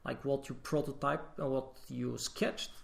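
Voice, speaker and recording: A man's voice: mid-range voice, fairly even intonation, unhurried, vocal fry. A man, a guest level designer, explaining his working process in a casual podcast discussion. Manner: explanatory, advice-giving.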